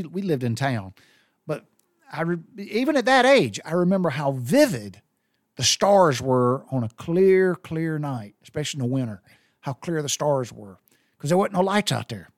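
A man's voice: on the high side, no echo, studio quality. A middle-aged man with a Southern US accent telling a personal story in a rambling, heartfelt way. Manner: rambling and heartfelt, with many restarts.

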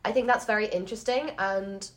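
A chatty woman co-hosts a relaxed history podcast. She fills her talk with "like" and "um", and laughter slips in now and then. Her voice sits at an ordinary pitch. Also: brisk. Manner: chatty, laughs often, many fillers. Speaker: podcast co-host. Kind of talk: casual history chat.

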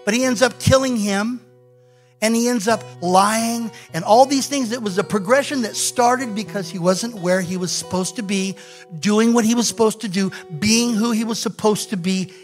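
A male pastor preaching a sermon, telling a scripture story in an animated way and acting out the quoted lines. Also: high voice, normal speed, faint music behind.

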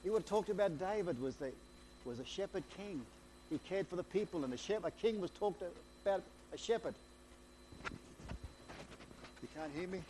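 An excitable male preacher whose voice sits high but has a soft, mellow tone. He retells scripture as an eager story, tripping over and restarting phrases as he goes. A faint hum and light noise run under his voice. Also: normal speed, long pauses. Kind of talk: sermon.

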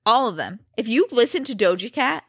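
A woman's voice: a little high, fairly quick, slightly rough, dry recording, clean studio sound. A young woman co-hosting a podcast, chatting casually and cracking jokes from her living room. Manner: animated, jokey, quips to her co-host. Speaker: podcast co-host. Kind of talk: casual chat.

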